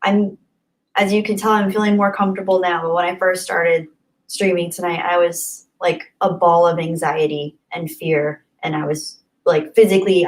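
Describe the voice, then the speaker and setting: A woman's voice: on the low side, poor audio. Effusive woman thanking live stream viewers. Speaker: livestream host. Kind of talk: live stream chat, reading viewer messages.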